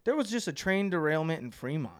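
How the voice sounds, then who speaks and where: A young man with a Midwestern American accent, co-hosting a podcast, telling stories in animated casual chat and swearing freely. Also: fairly high pitch, fast. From Ohio. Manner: animated, swears a lot, acts out quotes loudly. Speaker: podcast co-host.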